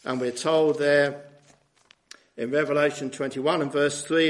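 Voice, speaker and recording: A man's voice: fairly high pitch, fairly even intonation, measured pace, long pauses. A man preaching a sermon in a conversational way, often asking tag questions of his listeners. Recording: echoey room.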